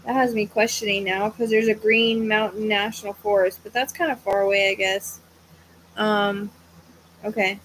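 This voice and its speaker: This psychic medium runs a live reading, sounding tired as she hesitantly searches for words, thinking aloud and trailing off to correct herself. Her medium-pitched voice is level and fairly bright, at a moderate pace. The low-quality recording has slight background noise.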